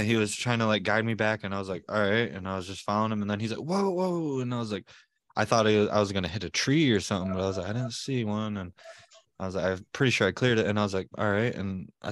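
A man's voice: fairly low pitch, fairly bright tone, no echo. A man in casual podcast chat, animatedly retelling a story, swearing freely and laughing between lines. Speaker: podcast co-host.

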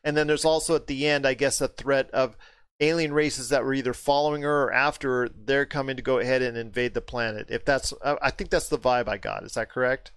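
A man's voice: medium pitch, steady tone, fairly quick, fairly bright tone, clean tone, no echo. A man hosting a casual movie discussion, emphatic and prone to repeating his point when worked up.

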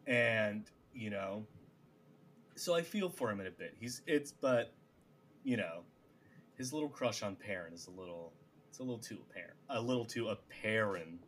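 A man's voice: lowish voice, normal speed, slight background noise. A man co-hosting a casual chat, retelling scenes and acting out the characters' lines. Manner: animated, acts out characters' lines. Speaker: podcast co-host.

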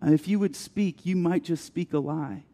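A man preaching an earnest sermon as pastor, dropping to a hush for soft passages and building with rising questions. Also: fairly high pitch, normal speed. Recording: long hall reverb.

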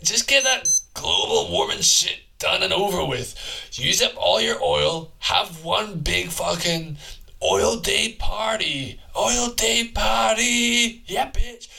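A man voicing a crude, four-armed, time-traveling male freak from the future, ranting in a raspy, rambling, gleefully absurd way. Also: sits high, bright, forceful tone, voice pushed up, heavily acted. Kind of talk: improvised comedy bit.

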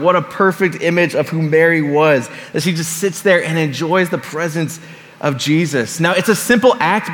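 A man's voice: sits high, a bit bright. Casual preacher man in a reverberant hall. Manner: conversational, with casual asides and repeated phrases. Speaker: pastor. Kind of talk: sermon. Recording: long reverb of a large hall.

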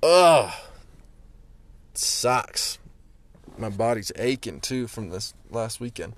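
A man's voice: on the low side, slow, a little hiss or hum. A young man talking to the camera in a candid vlog monologue, rambling and blunt, swearing freely and sometimes dropping to a whisper, recorded indoors in a room. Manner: rambling, blunt, profane, drifting into hushed whispers. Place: indoors, a room where he is staying.

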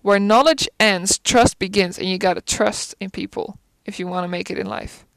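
Smooth-voiced woman musing aloud. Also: medium pitch, fairly even intonation, normal speed, fairly bright tone, dry recording. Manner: thinks aloud, searching for words and restarting; reflective, asks rhetorical questions. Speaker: film commentator. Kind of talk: casual musing chat.

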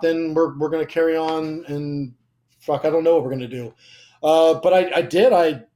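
A young man appears as a guest, sharing a personal faith testimony in casual conversation. He is emotional and rambling, with frequent fillers and restarts, and his voice is fairly high in pitch with a darkish tone.

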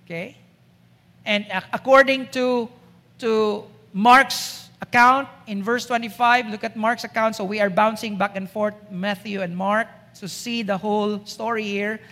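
Slow emphatic woman preacher. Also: mid-range voice, fairly even intonation, fairly bright tone. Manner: emphatic, rhetorical questions. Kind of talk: sermon. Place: church. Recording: echoey church hall.

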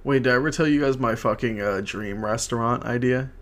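A man's voice: medium pitch, fairly quick. A young man co-hosting a podcast, joking around, laughing often and swearing casually. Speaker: podcast co-host. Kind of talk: casual chat.

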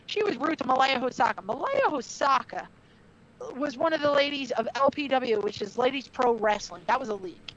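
A woman's voice: high-pitched, lively intonation, a little fast, slight background noise. A middle-aged woman and former wrestler telling a heated story in blunt, profane casual talk. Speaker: former wrestler, podcast guest. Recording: dull lo-fi recording.

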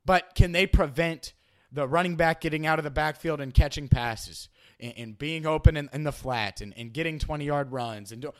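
A man's voice: on the high side, normal speed. A man hosting a sports podcast, analyzing his team and arguing with imagined critics, often repeating himself as he starts a thought. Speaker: podcast host.

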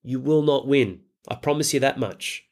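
A man's voice: medium pitch, moderate pace, darkish tone. A middle-aged man giving a blunt, emphatic motivational talk as a coach for fathers, swearing heavily.

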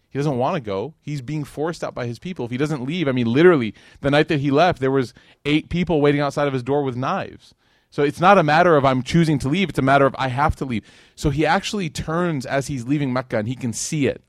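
A man's voice: medium pitch, dry recording, clean studio sound. A man from Chicago, in his thirties, giving a casual, conversational religious lecture to a live audience, full of fillers and questions to the crowd. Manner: chatty, uses many fillers like "like" and "you know", asks the audience questions. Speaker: Islamic lecturer.

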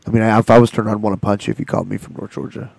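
Young male co-host, gravelly mid voice, wisecracking banter, dry room. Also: lowish voice, level tone, very fast, darkish tone, no room sound. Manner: wisecracking, slangy. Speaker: podcast co-host. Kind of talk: casual sports chat.

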